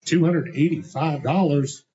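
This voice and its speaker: A man calling bingo at a live venue, cracking quick rhyming jokes and slowing down to spell out each number. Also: fairly high pitch, warm tone, muffled recording. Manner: playful, punchy one-liners, slows to spell out each number. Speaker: bingo caller.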